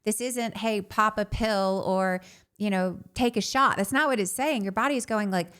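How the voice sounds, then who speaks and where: Animated woman telling a personal story. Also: medium pitch, normal speed, clean tone. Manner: animated, says "like" often. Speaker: podcast co-host.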